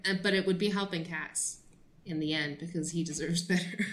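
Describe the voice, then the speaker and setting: A woman's voice: on the low side, fairly even intonation, normal speed, reverberant. A woman co-hosting a podcast in casual chat, rambling and laughing, with lots of "like". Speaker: podcast co-host.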